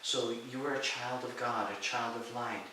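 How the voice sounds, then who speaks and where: Recorded at a distance in an echoey room with a faint hiss, a middle-aged martial arts and healing teacher is interviewed and tells stories in a lively, conversational way. His pitch is medium and his pace moderate, and he laughs often while mimicking the voices of those he quotes.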